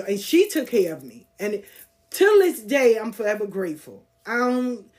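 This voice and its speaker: A woman hosts a podcast, casually telling stories in a blunt, profane, streetwise manner and laughing along the way. Her voice is fairly high and sing-song, a little mellow, at a moderate pace.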